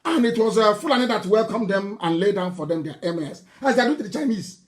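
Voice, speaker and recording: A man with a Nigerian accent giving an impassioned live broadcast speech, mocking and scornful, laughing and shouting at times. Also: high-pitched, lively intonation, fast talker. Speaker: political broadcaster.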